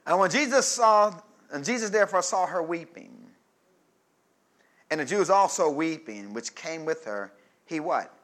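High, bright-voiced man preaching. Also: lively intonation, measured pace. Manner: rising to shouts, call-and-response asides. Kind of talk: sermon.

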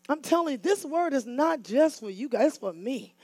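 A woman minister preaching a fiery call-and-response sermon, often rising to shouts. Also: high voice, lively intonation, normal speed, few pauses, dry recording.

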